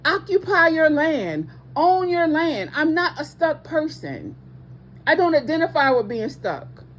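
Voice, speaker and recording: Woman preaching real passionate, high voice jumping all over, faint hiss behind. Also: big pitch swings, measured pace. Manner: passionate, emphatic preaching with casual asides. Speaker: ministry host and preacher. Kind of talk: preaching to online viewers.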